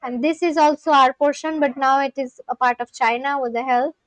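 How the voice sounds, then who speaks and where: A woman talks through a casual live stream from her home. Her voice sits high and bright, recorded dry and close, and she keeps up a running, chatty commentary as she reacts to clips and messages from viewers. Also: fairly even intonation, brisk, dry recording, low-quality recording. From India. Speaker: language-learning livestreamer.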